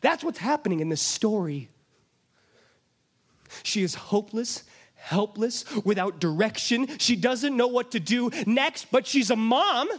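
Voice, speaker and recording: A man's voice: extremely high pitch, animated, a little slow. A man preaching a sermon, retelling a scripture story with emphatic storytelling and acting out the voices of its people. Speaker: pastor.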